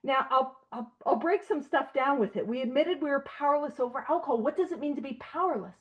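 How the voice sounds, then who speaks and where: Woman, high voice, earnest and emphatic study leader, slightly muffled call audio. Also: fast talker. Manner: earnest and emphatic, with asides and laughs. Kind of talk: conversational study talk. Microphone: video call.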